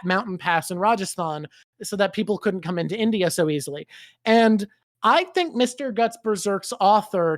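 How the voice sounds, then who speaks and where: A man's voice: sits high, no echo, studio quality. Rambling, swearing guy on a stream. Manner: rambling, swears freely, does silly voices. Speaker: streamer co-host. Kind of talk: casual chat.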